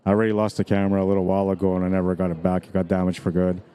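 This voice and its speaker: Brief: male pool commentator, low mellow voice, Canadian accent, explains shape and angles, gets excited. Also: racing. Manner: excitable, breaks into screams and laughs at exciting shots; explanatory, breaks down shot angles like a coach. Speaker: pool match commentator and streamer. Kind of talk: solo live-stream commentary.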